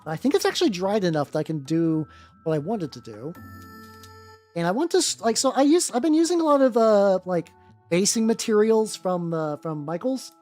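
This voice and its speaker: A hobby streamer talks with viewers while painting miniatures, wandering from thought to thought with lots of false starts and casual swearing. The voice sits at a middling pitch but swings widely as they chat. Soft music plays quietly underneath. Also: expressive, a little fast. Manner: rambling, restarts often, swears casually, greets chat viewers.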